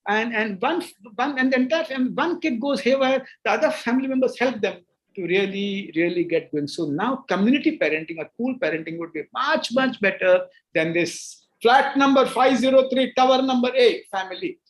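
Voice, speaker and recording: Emphatic Indian man with a high voice. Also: expressive, moderate pace, low-quality recording. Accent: Indian English. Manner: earnest, emphatic, repeats words and restarts. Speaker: doctor and guest speaker. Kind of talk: seminar Q&A answer.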